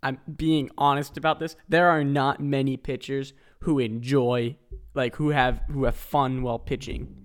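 Podcast co-host, mid-pitched and smooth, hesitant and filler-heavy. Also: flat delivery, unhurried. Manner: hesitant, lots of restarts and "like". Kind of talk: casual sports chat.

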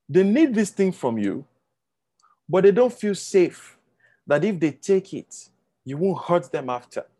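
A man's voice: on the high side, a little mellow. A man giving a motivational talk to an audience, often checking that listeners follow and acting out quotes in a raised voice. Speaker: speaker addressing an audience.

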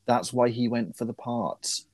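A man's voice: mid-range voice, unhurried, a little mellow, dry recording. A man co-hosting a casual podcast, talking in a thoughtful, musing way that trails off and restarts. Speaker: podcast co-host. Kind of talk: casual chat.

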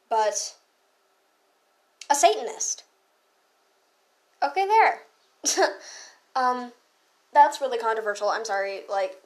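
Slow-talking teenage girl ranting. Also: medium pitch. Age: teens. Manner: heated, profane, full of fillers and asides. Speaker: podcast host. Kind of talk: casual ranting monologue.

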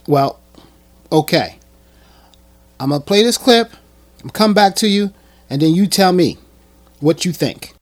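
Animated man reacting to a clip. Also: high voice, a little slow, long pauses, no echo. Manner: animated, emphatic, stammering repeats. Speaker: video commentator. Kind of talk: reaction commentary.

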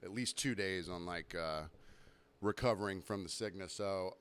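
A young man hosting a podcast, telling a rambling, profane, self-mocking story while getting over a sore throat and clearing it now and then. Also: sits low, normal speed, fairly bright tone. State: recovering from illness, throat clearing. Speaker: podcast host. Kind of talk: casual storytelling monologue.

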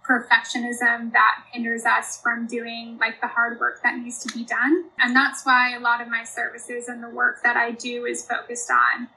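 Podcast guest: young American woman, faint Australian tinge, earnest and filler-heavy, bright tone, slightly high. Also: monotone, moderate pace, gravelly, hardly any pauses, slight background noise, rough recording. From United States. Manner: earnest, many fillers like "you know" and "um". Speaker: business consultant guest. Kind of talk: podcast interview.

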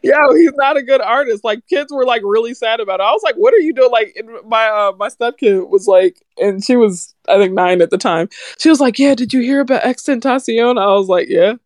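A man co-hosting a podcast in casual chat, animated and swearing freely, acting out quotes. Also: high-pitched, brisk, few pauses, no room sound, clean studio sound. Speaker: podcast co-host.

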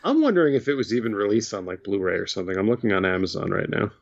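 A man co-hosting a casual movie podcast, relaxed and giving advice. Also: lowish voice, rapid-fire, vocal fry, dull audio. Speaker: podcast co-host.

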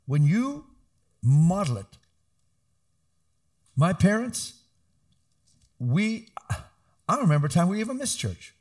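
Middle-aged male pastor, animated sermon delivery, slightly high voice with lively swings. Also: slow pace, long pauses. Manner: animated preaching, rising to emphatic calls.

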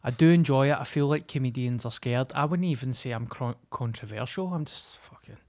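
Scottish male co-host, mid pitch, frank storyteller, swears freely. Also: fairly quick, darkish tone. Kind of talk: casual chat.

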